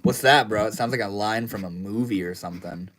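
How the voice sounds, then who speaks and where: A young man hosting a casual livestream, reading chat messages aloud and answering in a laid-back, slangy way that trails off into low mumbles. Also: a little fast, fairly bright tone, slight background noise, low-quality recording. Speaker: livestream host.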